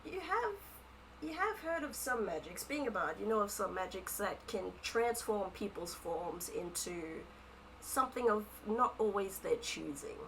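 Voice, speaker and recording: A woman's voice: mid-range voice, animated, unhurried, a bit bright, slight background noise, poor audio. Woman narrating as game master. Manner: hesitant, with frequent fillers.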